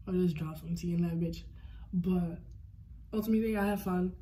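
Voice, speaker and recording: A young adult woman, a beauty vlogger, chats casually through a makeup tutorial, rambling in slangy talk and saying "like" constantly. Her voice is fairly low and warm, with fairly even intonation and a fast pace. A little hiss or hum sits under the recording.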